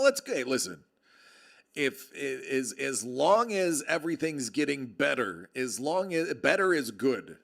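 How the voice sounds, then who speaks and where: A man's voice: fairly high pitch, gravelly, a bit bright. A man hosting a casual live stream, projecting his voice into a close microphone in a jokey, chatty way. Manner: projected, radio-style delivery; jokey, chatty, reads out viewer comments. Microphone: close desk microphone with level meter.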